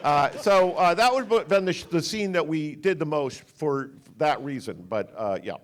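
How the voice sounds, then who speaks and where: A man's voice: a little high, expressive, normal speed. A man in his sixties, a film director, telling rambling anecdotes at a cinema Q&A. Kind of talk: storytelling on stage. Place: cinema stage.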